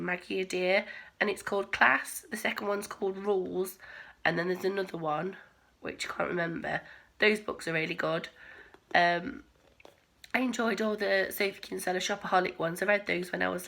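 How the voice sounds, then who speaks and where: A woman in her twenties chatting casually to camera with a croaky voice, rambling with lots of ums and whispered asides. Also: medium pitch, a bit bright. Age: 20s. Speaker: crochet vlogger.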